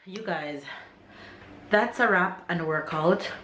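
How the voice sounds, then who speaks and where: A woman's voice: lowish voice, slow, roomy sound, loud music behind the voice. A woman with a Jamaican accent, a mother chatting casually to the camera in her home kitchen, upbeat and motivational while she multitasks. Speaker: mother and family vlogger. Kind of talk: casual vlog talk to camera.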